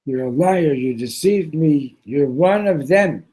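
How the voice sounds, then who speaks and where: A man's voice: a little high, animated, a little fast, warm tone, voice pushed up, rough recording. A man voicing a young prince who thinks he is a turkey, sounding agitated and accusing. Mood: upset.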